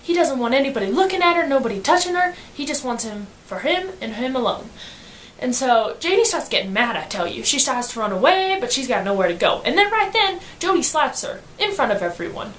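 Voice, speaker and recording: A woman giving a casual book summary in slangy, animated storytelling, acting out quotes as she goes. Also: high-pitched, fairly quick, a little hiss or hum. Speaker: student reviewer.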